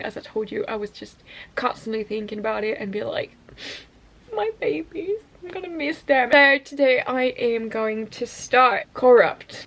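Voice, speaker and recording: A woman's voice: fairly high pitch, dull audio. A woman book vlogger talking casually to camera, emotional, laughing often and dropping into whispers. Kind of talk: casual vlog diary.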